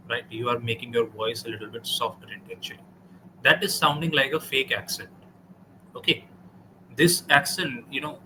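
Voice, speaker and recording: Indian male English tutor, direct and corrective, noisy line. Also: medium pitch. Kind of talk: spoken English practice session with feedback.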